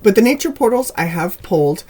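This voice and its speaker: A man giving a casual tarot reading to camera in a relaxed, rambling way with frequent ums, his voice a little worn, recorded on a camera mic at home with birds heard behind him. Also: high-pitched, brisk, a little hiss or hum. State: slightly losing voice. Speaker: tarot reader. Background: birds chirping.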